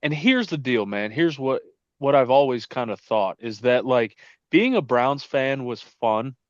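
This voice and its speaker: A man co-hosting a casual sports chat, talking in an animated, profane, mocking way. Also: medium pitch, measured pace, no room sound, highs cut off. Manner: animated, profane, mocking, rants with quoted jeers. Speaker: podcast co-host.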